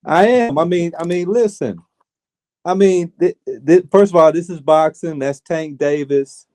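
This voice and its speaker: A man co-hosts a casual sports chat, hammering his points home by repeating them. His voice is a little higher than most men's and has a mellow, dark tone. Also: measured pace, no echo. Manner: emphatic, repeats himself for weight. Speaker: podcast co-host.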